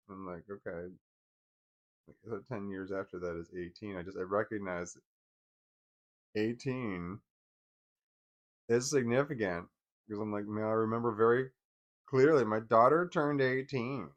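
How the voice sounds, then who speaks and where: A man's voice: lowish voice, normal speed, pauses often. Wry man telling a family story. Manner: wry, laughing, trails off into bitter quiet. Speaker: vlogger. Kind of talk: casual personal storytelling.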